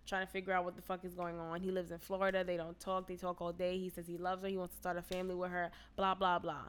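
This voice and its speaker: A woman telling a story in casual chat, profane and animated, often rising to loud indignation. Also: fairly low pitch, quick pace, clear, resonant tone.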